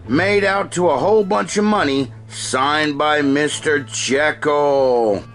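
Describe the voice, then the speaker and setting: A man's voice: fairly high pitch, slow pace, faint music behind. A man giving a comedic, profane play-by-play recap of an old film as a movie reviewer. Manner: profane, animated, play-by-play joking.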